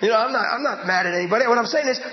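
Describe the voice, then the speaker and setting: A man preaching a sermon, emphatic and often shouting, then suddenly dropping to a hushed voice. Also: very high voice, rapid-fire, roomy sound, long reverb tail, highs cut off. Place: church hall.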